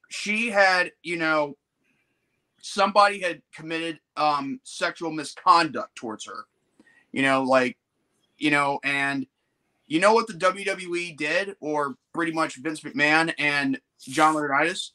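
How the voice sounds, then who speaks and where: A man's voice: on the high side, measured pace, pushed and bright. A man hosting a podcast, talking casually and meandering, leaning on filler words as he explains. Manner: meandering, full of "you know" fillers. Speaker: podcast host. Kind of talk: casual chat.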